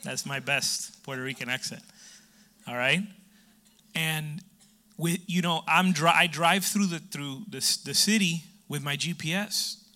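Bright-voiced male preacher. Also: a little high, measured pace. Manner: conversational preaching with humor and asides to the congregation. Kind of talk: sermon.

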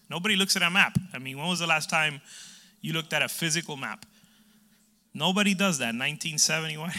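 A man's voice: fairly high pitch, pushed and bright. A middle-aged man preaching a sermon in a conversational way, with humor and asides to the congregation.

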